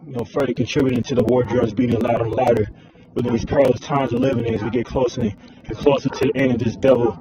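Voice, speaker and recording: A man's voice: medium pitch, little pitch movement, quick pace, poor audio. A man giving informal religious commentary, rambling and packing his talk with fillers like "all right" and "man". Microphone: phone screen recording.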